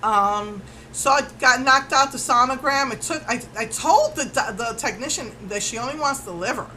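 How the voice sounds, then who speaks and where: A woman vlogger casually retelling her day in a rambling, animated way with many fillers. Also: sits high, normal speed, a little hiss or hum, low-quality recording. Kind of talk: casual storytelling vlog.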